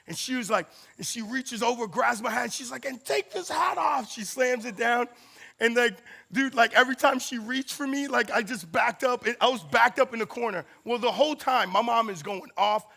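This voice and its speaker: Animated high-voiced man preaching a story. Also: normal speed, vocal fry. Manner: animated, laughing storyteller acting out quotes. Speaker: campus ministry speaker. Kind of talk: storytelling sermon.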